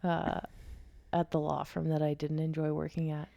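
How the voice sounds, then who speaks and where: A woman hosting a podcast, chatting candidly and poking fun at herself, often trailing off quietly. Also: low-pitched, completely flat delivery, normal speed, creaky, no room sound, muffled recording. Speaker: podcast host. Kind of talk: casual chat.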